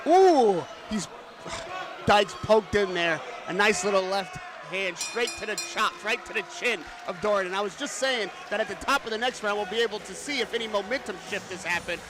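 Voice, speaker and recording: A man giving emphatic, analytical live commentary on a boxing match. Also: high-pitched. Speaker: boxing pundit.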